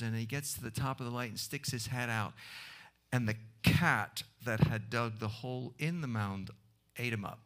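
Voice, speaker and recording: A man's voice: mid-range voice, normal speed, fairly bright tone. A man preaching a sermon, telling stories with restarts and short laughs.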